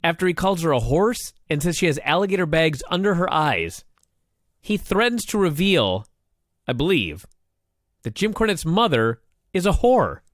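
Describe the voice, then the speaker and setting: Wry man with a very lively voice. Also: a little high, normal speed, no echo, clean studio sound. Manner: wry, sarcastic asides, swearing. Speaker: podcast co-host. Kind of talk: casual chat.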